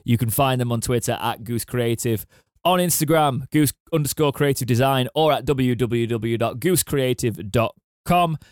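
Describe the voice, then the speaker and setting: A man's voice: medium pitch, normal speed, a little mellow, no echo, studio quality. A man hosting a casual podcast, reading plugs and teasing his co-host with easy laughter. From England. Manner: laughs easily, teasing banter. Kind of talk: casual chat.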